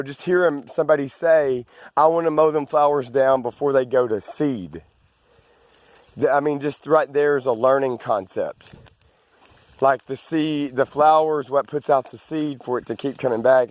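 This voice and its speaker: A landowner vlogger from Arkansas films himself walking his rural land, out of breath as he talks. His medium-pitched voice meanders through asides and restarts, and the recording has no echo.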